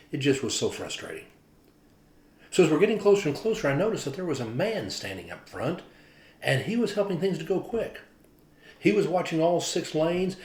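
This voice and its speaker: A man, a pastor, telling a devotional story in a lively, animated way. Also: fairly high pitch, roomy sound. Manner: animated storyteller, acts out quoted people.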